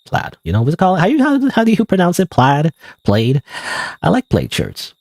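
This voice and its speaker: A man's voice: sits high, wildly swooping pitch, fast, gravelly, darkish tone, no room sound, clean studio sound. A young man from Canada doing casual game commentary, rambling and self-mocking with frequent restarts. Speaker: gaming streamer.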